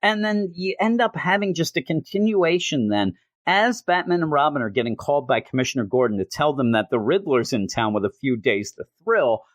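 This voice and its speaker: A man's voice: a little high, animated, fairly quick, dry recording. A man hosting a comic book show, casually recapping an issue with exasperated, joking disbelief. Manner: incredulous, exasperated, jokey.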